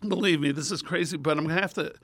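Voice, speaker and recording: A man telling a funny story as a guest on a radio show, lively and animated, acting out other people's voices with big jumps in pitch. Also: very fast, dry recording.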